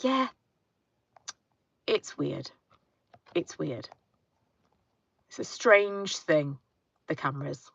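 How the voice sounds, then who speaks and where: A woman's voice: low-pitched, very animated, extremely slow, vocal fry, pauses often, a bit bright, slightly rough, dry recording, dull audio. A woman chatting casually in her car, reading viewer comments and rambling with lots of fillers. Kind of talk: casual car chat live stream. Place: inside a parked car.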